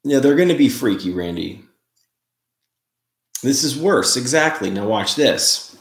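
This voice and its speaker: A man hosting a casual live stream, chatting in a relaxed way and greeting viewers by name. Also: medium pitch, measured pace. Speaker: livestream host. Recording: roomy, echoey room sound.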